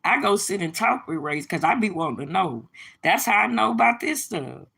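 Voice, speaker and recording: A middle-aged woman speaking on a casual livestream, preachy and emphatic, with a blunt, profane edge as she addresses her viewers directly. Her voice is gravelly and husky, with a tense, bright bite to it. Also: mid-range voice, very animated, normal speed. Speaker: livestream host.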